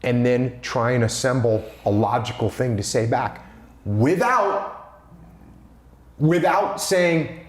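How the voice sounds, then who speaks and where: In a casual podcast conversation, a leadership speaker with a medium-pitched, animated voice works slowly through his ideas on leadership. He speaks emphatically, hammering on key phrases, and the room gives the recording a roomy echo.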